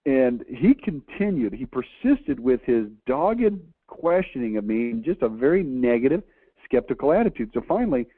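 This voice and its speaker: A man's voice: mid-range voice, sing-song, normal speed, dry recording. A man in his forties telling a motivational story as a business coach, emphatic and given to repeating phrases for effect. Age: 40s. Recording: dry, tinny phone-like sound.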